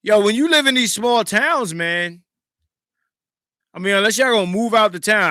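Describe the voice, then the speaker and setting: A man hosting a podcast, commenting on a clip in an emphatic, animated way, swinging between loud remarks and hushed asides. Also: high voice, unhurried, vocal fry, long pauses, dry recording, studio quality. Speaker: podcast host reacting to a clip. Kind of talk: casual commentary.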